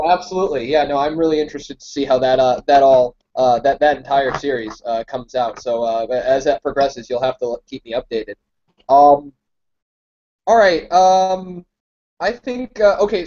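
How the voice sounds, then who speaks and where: Male Q&A host, hesitant, warm dark tone, muffled stream sound. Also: on the high side. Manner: hesitant, full of fillers. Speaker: interviewer. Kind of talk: casual live Q&A. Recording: dull lo-fi stream audio.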